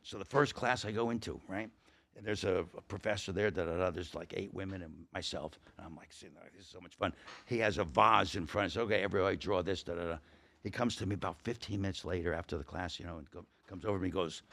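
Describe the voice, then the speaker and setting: A man's voice: deep voice, quick pace, vocal fry. An older man, a podcast guest, telling comic stories in casual chat and acting out the voices of everyone he quotes. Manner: animated, acts out every quoted voice.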